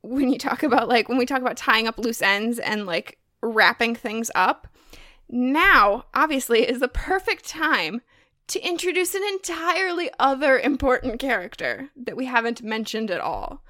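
Woman podcast cohost, bouncy animated voice, jokey and a bit sweary, super dry sound. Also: on the high side, moderate pace, no room sound. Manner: laughing, joking, swears freely. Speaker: podcast co-host. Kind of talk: casual podcast chat.

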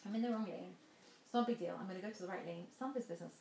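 Animated woman speaker in an echoey hall. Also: on the low side, rapid-fire, vocal fry, a little hiss or hum. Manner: animated storytelling, laughs often, direct questions to listeners. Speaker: motivational speaker. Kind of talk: motivational talk to a live audience.

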